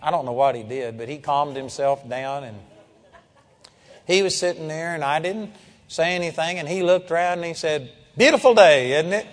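A man preaching, telling a story in an animated, emphatic way and calling out amen. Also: on the high side, normal speed, big-room sound, slight background noise. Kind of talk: storytelling sermon.

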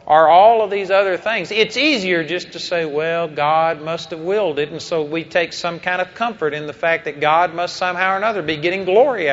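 Man, preacher, high voice, emphatic sermon, muffled lo-fi sound. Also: a bit bright. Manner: impassioned, emphatic storytelling. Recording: dull lo-fi recording.

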